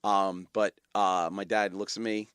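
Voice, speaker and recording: Man, middle-aged, New York accent, low pitch, dry recording, rambling fillers. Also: measured pace, clear, resonant tone, no echo. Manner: animated, repeats words, many fillers. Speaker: guest, company founder and CEO. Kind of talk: emotional storytelling in conversation.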